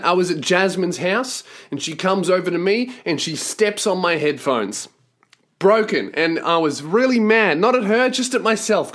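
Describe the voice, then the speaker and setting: A man with an Australian accent hosting a solo podcast, ranting profanely and exasperated, recorded in a small cramped home studio. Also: on the high side. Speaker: podcast host.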